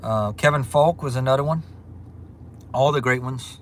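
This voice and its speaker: A man from Louisiana with a Southern accent, chatting casually on a livestream and reading out viewer comments in a relaxed, drawling way. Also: mid-range voice, normal speed, a little hiss or hum. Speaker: livestream host.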